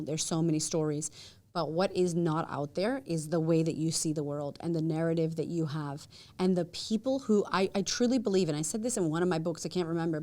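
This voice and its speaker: Podcast guest, woman, author and speaker; low-pitched, animated storyteller. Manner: animated storyteller who acts out quotes. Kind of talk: casual interview chat.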